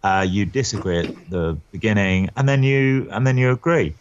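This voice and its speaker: Deep-voiced man rambling through a story. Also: moderate pace, dull audio, a little hiss or hum. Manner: rambling, self-deprecating, lots of fillers and laughs. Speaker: actor guest. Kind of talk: casual anecdotal chat.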